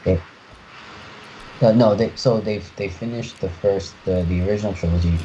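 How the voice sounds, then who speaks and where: Low, dark-voiced man, halting chat. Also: fairly even intonation. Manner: halting, many restarts and fillers. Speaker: podcast co-host. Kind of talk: casual chat. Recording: muffled lo-fi audio with faint noise.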